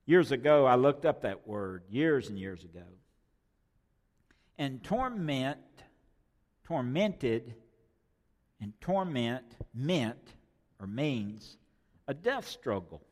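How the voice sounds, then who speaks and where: A male preacher delivering a sermon in a church, emphatic and repeating key words, dropping from loud to hushed. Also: mid-range voice, very animated, slow, long pauses, big-room sound.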